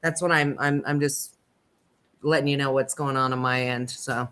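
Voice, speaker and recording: A woman's voice: a bass voice, steady tone, moderate pace, fairly bright tone, clear, resonant tone. A woman speaking as a guest on a casual livestream, talking hesitantly with many "um"s and restarts. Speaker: panel guest.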